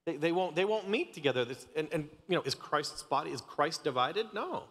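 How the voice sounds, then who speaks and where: A man's voice: fairly high pitch, animated, brisk, fairly bright tone, long reverb tail. A man from Canada in his thirties preaching a casual, joking sermon, often stumbling and restarting his sentences. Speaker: pastor. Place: church sanctuary.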